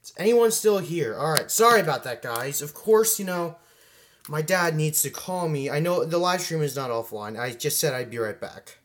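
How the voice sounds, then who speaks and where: On a live stream, a man who's a fire alarm hobbyist chats casually while working with his hands, rambling and thinking aloud with plenty of fillers. His voice sits on the high side, expressive, at normal speed, and the room has a noticeable echo.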